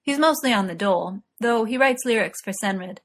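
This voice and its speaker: A woman reading aloud, voicing a cheerful, talkative young male artist in quick, eager chatter. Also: mid-range voice, expressive, a bit bright. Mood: chatty.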